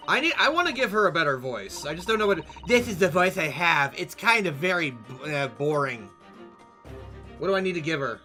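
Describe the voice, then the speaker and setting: A man's voice: a little high, big pitch swings, a little fast, bright, forceful tone, soft background music. A man streaming a game, chatting casually and animatedly with frequent swearing. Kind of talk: casual gameplay commentary.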